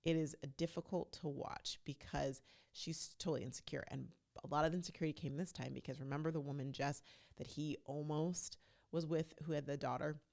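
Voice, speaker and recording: A woman with a low voice and a gravelly edge hosts a casual talk podcast. She is chatty and emphatic and speaks straight to her listeners. Her delivery stays loose and conversational throughout. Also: fairly even intonation, fairly quick, darkish tone. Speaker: podcast host. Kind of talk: casual reality TV recap commentary.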